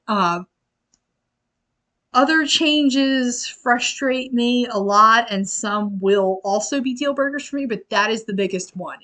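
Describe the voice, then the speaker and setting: A woman's voice: fairly high pitch, a bit bright. A young woman hosting a casual book review, exasperated and rambling with many fillers. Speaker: library video host.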